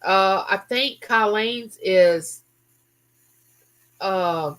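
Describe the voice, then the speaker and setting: A woman's voice: medium pitch, extremely slow. A woman hosting a casual live chat, chatting with viewers and reading out their comments. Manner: chatty, animated, talks straight to viewers. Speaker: livestream host.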